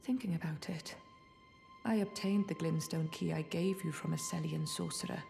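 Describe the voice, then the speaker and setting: A cryptic sorceress who speaks in low, formal, old-fashioned phrases, her voice dark, mellow and full of gravelly fry. Her lines ring out in a long, hall-like reverb, with game music playing behind. She sounds like a mentor with schemes of her own. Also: fairly even intonation, moderate pace. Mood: musing. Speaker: game character. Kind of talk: voiced video game dialogue.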